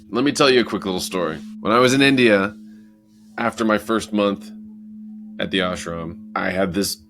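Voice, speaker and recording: Low-voiced guy giving a casual pep talk, animated storyteller, soft music underneath. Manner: animated, acts out his own story with lively asides. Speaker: motivational speaker.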